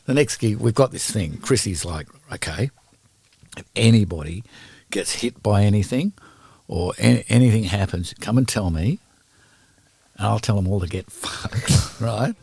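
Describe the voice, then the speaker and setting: An Australian man, a podcast guest and musician, telling stories in casual chat, animated and swearing freely as he acts out quotes. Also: fairly low pitch, normal speed, gravelly, husky. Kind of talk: casual storytelling.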